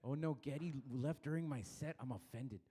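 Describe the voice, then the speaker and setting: A man doing a stand-up comedy set on a dark club stage, with loose, rambling, crude delivery and frequent laughs at his own jokes. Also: mid-range voice, normal speed, breathy edge.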